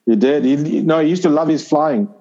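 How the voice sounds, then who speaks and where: A man's voice: a little high, brisk, mellow. Man telling a rambling personal story. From Zimbabwe. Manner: rambling anecdotal, with fillers and restarts. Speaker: interview guest, former cricketer. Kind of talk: conversational storytelling. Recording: slightly dull lo-fi audio.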